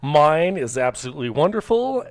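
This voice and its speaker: A man with a slightly raised pitch co-hosting a podcast. He teases his partner playfully and laughs easily in loose banter. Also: very animated, no echo. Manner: teasing and quick to laugh. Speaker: podcast co-host. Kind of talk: casual podcast chat.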